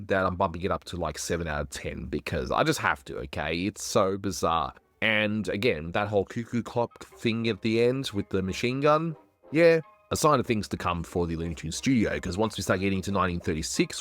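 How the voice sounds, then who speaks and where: A man hosting a review show, wrapping up with wry, matter-of-fact comments. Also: on the low side. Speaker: host.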